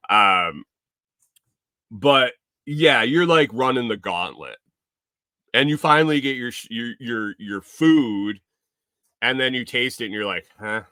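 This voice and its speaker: A man's voice: medium pitch, expressive, slow pace, long pauses, sharp tone, dry recording, clean studio sound. A man hosting a podcast, talking in a rambling, jokey, profane casual monologue. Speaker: podcast host.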